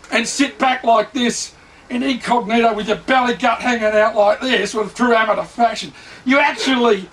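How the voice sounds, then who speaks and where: A man's voice: high voice, a bit bright, roomy sound, a little hiss or hum. An Australian man giving a sarcastic, mocking comedy lecture as a mock instructor.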